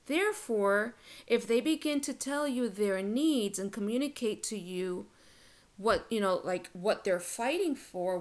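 A woman hosting a solo relationship podcast, talking in a blunt, casual, profane and emphatic way. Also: mid-range voice. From Latin American heritage. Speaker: podcast host, relationship coach.

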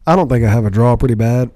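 A man from Texas tells a story in an easygoing way. His voice is mellow and warm. The sound is dry and close-miked. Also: mid-range voice, no echo. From Texas, USA. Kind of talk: casual chat.

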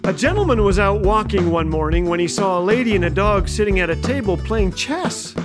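A man's voice: high-pitched, expressive, fairly quick, loud music behind the voice. A middle-aged man hosting a humorous radio talk, telling stories playfully and laughing at his own jokes. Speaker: radio host. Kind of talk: humorous storytelling monologue.

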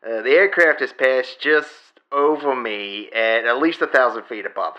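A man playing a young pilot with a put-on Australian accent, halting and hesitant in his radio reports, as a comedic dramatic reading. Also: medium pitch, sharp tone, close to an everyday voice. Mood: uneasy. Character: young male pilot reporting a strange aircraft.

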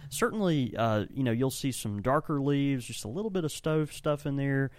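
In a dry recording, a man who owns a tobacco shop and blends tobacco chats on a podcast. His mid-range voice is animated and a little mellow at a moderate pace, and he rambles eagerly, frequently starting sentences over.

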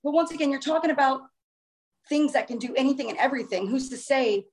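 A woman, a guest, recounting a personal experience in an animated, excitable way, acting out her own past words as she goes. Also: high-pitched, quick pace, low-quality recording.

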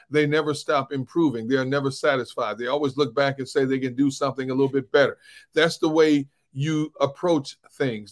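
A middle-aged man hosting a sports talk show, easygoing, telling stories and giving pep talks. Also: mid-range voice. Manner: easygoing, storytelling, preachy at times. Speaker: sports radio host.

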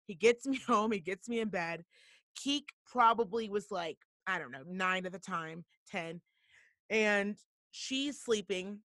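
A woman hosting a talk show, telling a story in a blunt, profane and animated way. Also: mid-range voice, a little slow, dry recording, clean studio sound. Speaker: podcast host. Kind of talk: casual storytelling.

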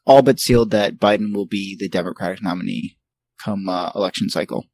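A man hosting a casual podcast, reading news with an easygoing, hedging manner and quick laughs. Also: low-pitched, a little mellow, no room sound, rough recording. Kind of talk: casual chat.

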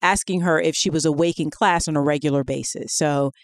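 A chatty woman co-hosting a podcast, with a fairly low voice. She talks loosely, full of fillers and quick asides. The sound is dry and close, with no room around it. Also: dry recording. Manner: chatty and animated, with many fillers. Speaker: podcast co-host. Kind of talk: casual podcast chat.

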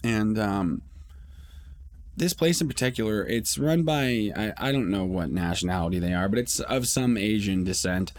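A man's voice: on the low side, moderate pace. Rambling, profane man telling a story. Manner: rambling and profane, with many restarts. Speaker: podcast host. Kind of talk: casual storytelling monologue.

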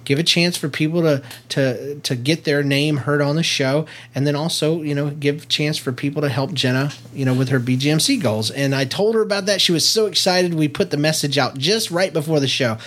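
A man's voice: a little high, fairly bright tone. A middle-aged man co-hosting a casual family podcast with his daughter, chatty and playful, laughing often and filling gaps with ums and restarts.

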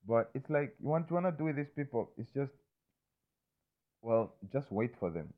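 A man's voice: medium pitch, expressive, normal speed. A man in a casual, rambling monologue who repeats himself, swears freely and keeps checking that the listener follows him. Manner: loose, repetitive, swears freely, keeps asking "you understand me?". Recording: thin phone-like sound.

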